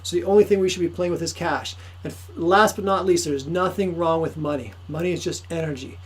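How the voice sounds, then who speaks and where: Husky, high-voiced pitch man. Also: brisk, poor audio. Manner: excitable, repetitive, preachy. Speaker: course promoter. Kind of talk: motivational sales pitch to camera.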